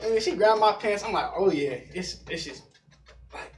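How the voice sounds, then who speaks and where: A man's voice: sits high, moderate pace. A young man in his teens telling stories casually in slangy talk, often laughing. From Denver area, USA. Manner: slangy, laughing, animated storytelling. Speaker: panel guest. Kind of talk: casual storytelling. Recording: roomy sound from far off the mic.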